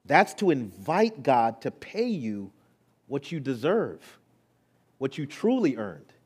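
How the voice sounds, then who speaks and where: A male pastor preaching a sermon, moving between hushed, intimate lines and rising, emphatic ones. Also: medium pitch, sing-song, slow, slightly rough.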